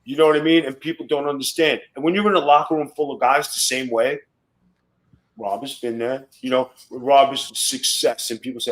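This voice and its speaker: A man's voice: medium pitch, brisk, poor audio. A man in his fifties, a former wrestler guesting on a podcast, telling stories in a blunt, profane, swaggering way. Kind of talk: casual podcast storytelling.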